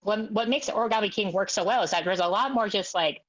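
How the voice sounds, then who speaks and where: A woman's voice: medium pitch, fast talker, dull audio. A woman on a casual podcast chat, hesitant, losing her train of thought. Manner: hesitant, many fillers and restarts, loses her train of thought.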